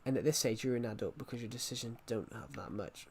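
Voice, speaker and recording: Man, casual streamer chat, rambling, repeats himself, mid pitch. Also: fast talker, vocal fry. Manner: rambling, repeats and restarts phrases. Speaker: game streamer.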